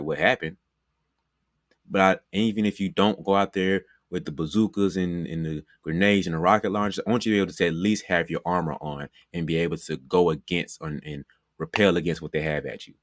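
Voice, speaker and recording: Deep-voiced and conversational, a man coaches basketball players with a motivational talk, leaning on repeated phrases and plenty of "you know." The sound is clean studio audio without echo.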